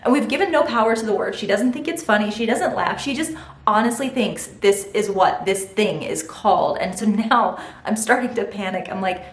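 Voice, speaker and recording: A woman's voice: medium pitch, moderate pace. A young woman vlogger telling a funny family story to her viewers, laughing as she goes and acting out the people she quotes. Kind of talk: casual story time to camera. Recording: roomy echo.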